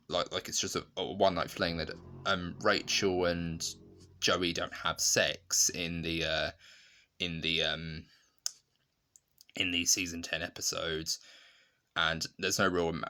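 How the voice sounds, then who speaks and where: A man's voice: sits low, bright, forceful tone. A man giving a casual, chatty review of a TV sitcom, retelling scenes with lots of fillers and laughter.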